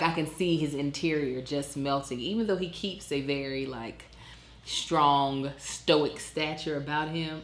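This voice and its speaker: A woman with a low, full voice co-hosts a casual podcast and tells family stories with plenty of animation. She laughs easily and slips into little voices as she goes. The sound carries a noticeable room echo. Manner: animated storytelling, laughs often, acts out voices. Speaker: podcast co-host. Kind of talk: casual chat. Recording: echoey room.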